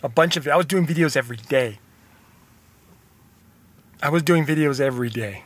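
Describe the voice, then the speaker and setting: A man's voice: fairly high pitch, moderate pace. A young man hosting a podcast, talking in an earnest, rambling, confessional motivational monologue. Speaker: podcast host.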